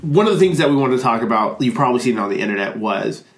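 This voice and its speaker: A man's voice: medium pitch, animated, very fast. Give me a man rambling through a casual podcast chat, laughing often, in an echoey room. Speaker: podcast co-host. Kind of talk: casual chat about a cartoon movie.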